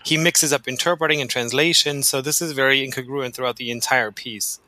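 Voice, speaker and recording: Bright-voiced man, wry. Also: medium pitch, steady tone, a little fast, no room sound, poor audio. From Bavaria, Germany. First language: German. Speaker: podcast co-host. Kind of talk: casual discussion.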